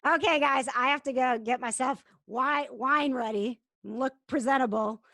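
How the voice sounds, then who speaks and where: High-voiced playful woman podcast host. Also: moderate pace, bright, forceful tone, no echo, studio quality. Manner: playful, mock announcer bits and mouth sound effects. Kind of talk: casual podcast chat.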